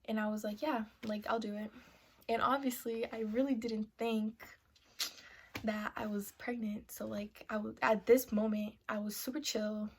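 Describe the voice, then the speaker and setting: A young woman vlogger telling a personal story in a casual sit-down style, filling her talk with "like" and "you know" and sometimes dropping to a hushed half-whisper. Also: on the high side, fairly even intonation, normal speed, breathy edge. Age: young adult. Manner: chatty, full of "like" and "you know" fillers. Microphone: camera mic, seated to camera.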